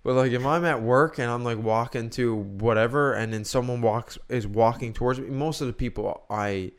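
A man's voice: mid-range voice, moderate pace, clean tone. A young man co-hosting a podcast, chatting casually and rambling as he thinks aloud. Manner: rambling, restarts and muses aloud. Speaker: podcast co-host. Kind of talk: casual chat.

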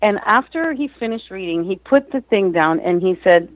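Woman guest author, animated storyteller with restarts, dry close sound. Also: medium pitch, normal speed, dry recording, poor audio. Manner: lively, acts out quotes, frequent restarts. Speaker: guest, author and mindset coach.

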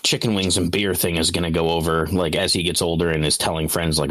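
A young man with a very low voice tells rambling, profane stories in casual podcast chat. He laughs often and restarts his sentences. The recording is dry and close. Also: level tone, fast talker, fairly bright tone, no room sound. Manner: rambling, swearing storyteller who laughs a lot. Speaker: podcast co-host.

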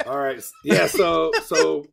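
Podcast host, male, gravelly slightly high voice, loose filler-heavy chat. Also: slow, over a noisy crowd. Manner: rambling, filler-heavy recap. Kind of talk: casual chat.

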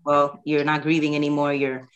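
A woman's voice: sits low, little pitch movement, normal speed. A middle-aged woman speaking earnestly and from the heart as a guest in a personal conversation.

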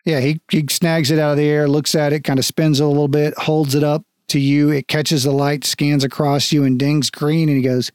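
A man with a slightly raised voice narrating a tabletop game as game master. He describes scenes in a relaxed way, and the recording is dry and close. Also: a little high, brisk, hardly any pauses, clear, resonant tone, dry recording. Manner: relaxed, descriptive, with small restarts.

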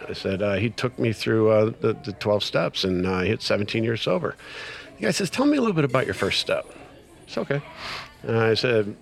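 A middle-aged man, a guest sharing his recovery story, speaks in a lowish voice with vocal fry. In casual conversation he animatedly retells events, acting out quoted dialogue and using plenty of fillers.

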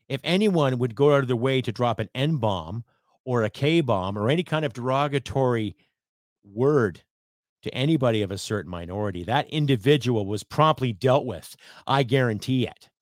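Middle-aged Canadian podcast host, blunt and profane, dry close recording. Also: male voice, mid-range voice, animated, moderate pace, no echo. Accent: Canadian English. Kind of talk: opinionated solo podcast monologue.

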